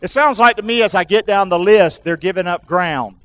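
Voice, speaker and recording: A high-voiced man preaches in an animated, call-and-response style. His sound is dry and a little dull, with no room around it. He pushes the congregation to say lines back to him. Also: brisk, no echo. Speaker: pastor. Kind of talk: sermon.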